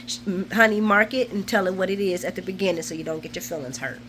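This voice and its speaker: Bright-voiced woman in her forties chatting. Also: mid-range voice, steady tone, fast, a little hiss or hum. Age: 40s. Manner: chatty and colloquial, laughs often, retells scenes with feeling. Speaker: soap opera recap host. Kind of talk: casual chat, episode recap.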